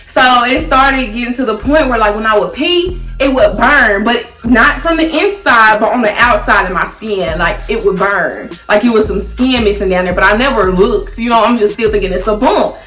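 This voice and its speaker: A woman's voice: fairly high pitch, moderate pace, hardly any pauses. Chatty woman in an echoey room. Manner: chatty, animated, frequent "like" and "y'all". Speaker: vlogger. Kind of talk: casual storytelling to camera. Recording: echoey room with faint music.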